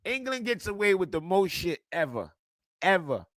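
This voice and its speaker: A man ranting profanely on a livestream, swinging between quiet muttering and loud outbursts. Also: high voice, very animated, moderate pace, no room sound. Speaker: streamer and football content creator. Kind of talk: casual livestream rant.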